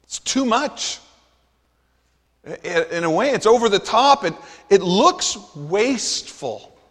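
A man's voice: high voice, big pitch swings, slow, a bit bright. A man preaching a sermon as pastor, earnest and emphatic, asking the congregation rhetorical questions. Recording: long hall reverb.

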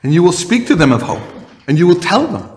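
A man's voice: high-pitched, very animated, fast, long reverb tail. A man preaching a sermon as a pastor, in a conversational way with asides and restarts.

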